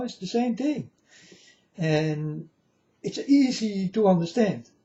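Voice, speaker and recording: A man's voice: high voice, mellow, muffled recording. A man giving a rambling, preachy spiritual monologue to viewers, repeating himself and calling them folks, in non-standard English. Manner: preachy, repetitive, calls audience folks. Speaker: vlogger addressing viewers.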